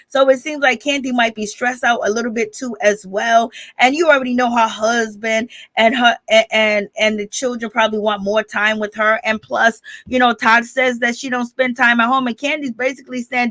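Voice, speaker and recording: A woman's voice: high-pitched, moderate pace, no echo. A woman giving a casual, chatty recap of a reality TV episode and often laughing. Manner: chatty, animated, laughs often, uses "baby". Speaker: reality TV commentator.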